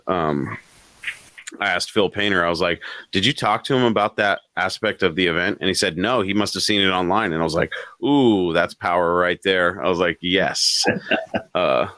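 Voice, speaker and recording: A man with a fairly low, bright, forceful voice tells stories on a live podcast. He is animated and swears freely, chuckling between phrases. The sound is close and dry. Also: no room sound. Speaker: podcast co-host. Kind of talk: casual storytelling on a live podcast.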